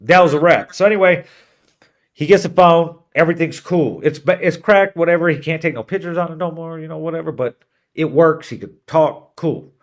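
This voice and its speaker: Brief: man, high-pitched voice, podcast co-host, animated swearing storyteller. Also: moderate pace. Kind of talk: casual storytelling chat.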